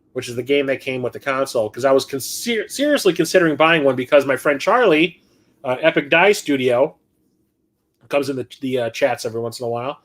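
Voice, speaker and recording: A middle-aged man hosting a livestream, telling a rambling anecdote and acting out the people in it. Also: on the high side. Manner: rambling anecdotes with animated quoted voices. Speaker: livestream host. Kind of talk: casual storytelling on a livestream.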